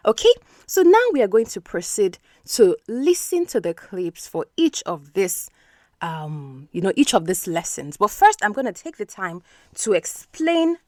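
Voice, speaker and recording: A woman's voice: medium pitch, very animated, a little slow, darkish tone, no room sound, studio quality. A woman hosting an English-learning podcast who explains words patiently and keeps checking in with the listener. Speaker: English teacher and podcast host.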